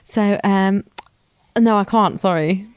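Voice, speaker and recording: A woman's voice: medium pitch, slow pace, clean tone, no echo. A woman co-hosting a podcast, chatting casually and rambling as she thinks aloud. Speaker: podcast co-host. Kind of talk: casual chat.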